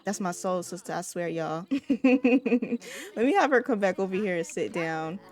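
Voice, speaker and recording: A woman's voice: medium pitch, animated, unhurried, darkish tone, faint music behind. Chatty young woman gaming commentator. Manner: chatty, addresses viewers as y'all, laughs often. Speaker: gaming video creator. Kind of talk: casual gameplay commentary.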